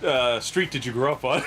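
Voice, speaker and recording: A man in his thirties runs a sports card auction livestream, cracking profane jokes and laughing hard at his own stories in casual chat. His voice is a little high and creaky, with heavy background noise.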